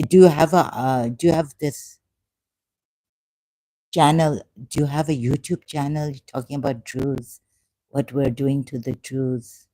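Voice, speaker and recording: A woman's voice: rumbling low, fairly even intonation, unhurried, mellow, low-quality recording. A woman on a live stream giving rambling, impassioned commentary, repeating herself and firing rhetorical questions at her viewers.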